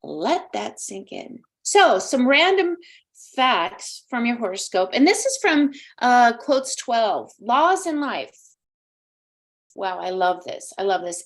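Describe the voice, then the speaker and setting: A woman's voice: on the high side, very animated, slow. A woman in her sixties hosting a live psychic talk show, chatty, emphatic and emotional. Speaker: psychic medium host.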